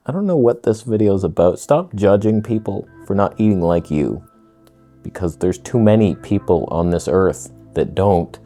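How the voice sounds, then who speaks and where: Sarcastic low-voiced man ranting to camera. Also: lively intonation, moderate pace, mellow, soft background music. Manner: sarcastic, crude, jumps into mocking put-on voices. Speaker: vlogger. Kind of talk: casual rant to camera.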